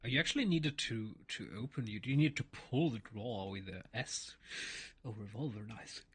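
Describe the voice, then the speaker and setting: A man's voice: medium pitch, moderate pace, a little hiss or hum. A man chatting casually while playing a game, rambling through stories with frequent restarts and asides. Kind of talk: casual gameplay commentary and storytelling.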